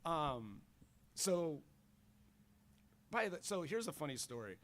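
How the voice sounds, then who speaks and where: A middle-aged college teacher, a guest on a radio show, chatting casually and telling animated stories with many fillers. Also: male voice, fairly high pitch, slow. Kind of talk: casual radio interview chat.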